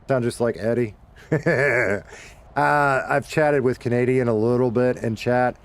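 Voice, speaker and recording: A middle-aged man from the Deep South with a Southern US drawl talks loosely to his stream audience as he plays. He rambles and restarts his sentences, and he lets out a curse now and then. His voice sits at an everyday middle pitch. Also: fairly even intonation, a little slow. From Deep South of the United States. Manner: rambling and self-correcting, with bursts of cursing. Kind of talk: casual chat to viewers while gaming.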